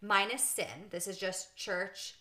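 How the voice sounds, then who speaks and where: A woman co-hosting a podcast, chatting casually about a book. She talks in a candid, animated way, is quick to laugh at herself, and sits at a middle pitch. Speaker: podcast co-host. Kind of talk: casual book discussion chat.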